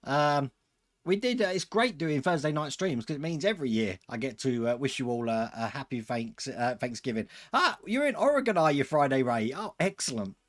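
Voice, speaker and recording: A man's voice: medium pitch, animated, moderate pace. A man hosting a live stream, chatting casually with viewers and chuckling often. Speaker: host of a model-building channel.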